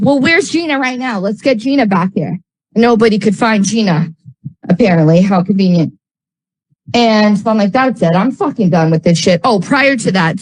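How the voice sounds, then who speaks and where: A woman's voice: medium pitch, darkish tone, rough recording. A woman telling a story in casual livestream talk, rambling with many fillers, swearing, and getting heated.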